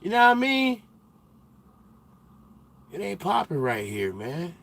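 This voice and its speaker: A young male trucker hosting a casual livestream, chatting with viewers in loose slang and getting loud and animated as he teases the chat. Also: high-pitched, slow pace, gravelly. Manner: loose slang-heavy banter, gets loud and animated when teasing chatters.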